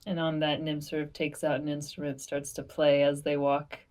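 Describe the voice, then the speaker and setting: A woman player calmly describing her character's actions, with many fillers. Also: deep voice. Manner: unhurried, lots of fillers.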